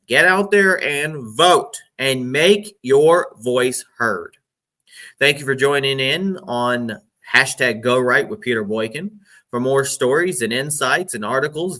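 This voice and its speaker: A man's voice: on the high side, bright, forceful tone. A man hosting his own political news recap, asking viewers to share and support. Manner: pleading, emphatic. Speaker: political news show host.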